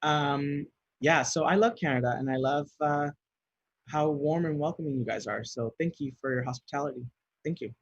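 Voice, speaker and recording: A man's voice: on the high side, moderate pace, dry recording, dull audio. A man answering fan questions in a casual video, chatty and giggly, reading each question aloud and then rambling through his answer.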